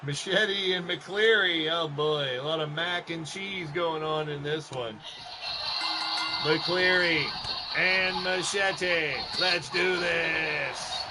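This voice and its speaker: A man doing loose, chatty commentary over a wrestling video game on a live stream, giving shout-outs to his chat. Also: fairly high pitch, takes it slowly. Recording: noisy game stream with background noise.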